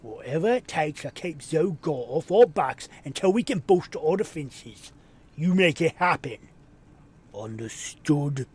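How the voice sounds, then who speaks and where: A man voicing a gruff, exasperated pirate commander in a video game, in a put-on rough sailor accent, barking orders. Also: fairly high pitch, lively intonation, a little slow, a little mellow. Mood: bossy.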